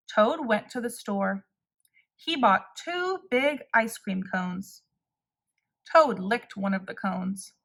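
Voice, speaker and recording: A woman reading a picture-book story aloud to children in a slow, expressive way. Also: medium pitch, creaky.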